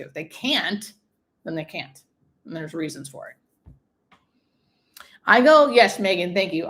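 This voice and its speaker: A hospice nurse hosting a casual livestream, chatting with viewers and telling stories in a rambling, friendly way. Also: female voice, mid-range voice. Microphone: webcam or phone setup for a livestream.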